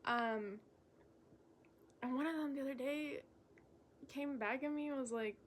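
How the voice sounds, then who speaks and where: A young woman making a casual vlog, talking in a halting, candid way with lots of fillers and self-corrections. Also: high voice, slight background noise. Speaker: vlogger. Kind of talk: rambling stream-of-consciousness vlog.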